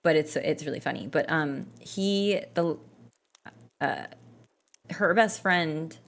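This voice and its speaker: A woman's voice: sits low, takes it slowly, gravelly. A woman gaming vlogger chatting casually and rambling, with lots of fillers and restarts. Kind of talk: casual chat while gaming.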